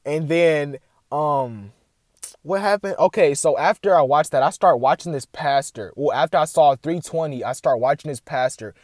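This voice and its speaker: A young man chatting casually to camera and recounting a dream, rambling with lots of filler words and animated bursts. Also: on the high side, moderate pace, dry recording, studio quality. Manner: rambling, heavy "like" filler, addresses "guys"; excited and animated retelling. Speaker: vlogger sharing a dream.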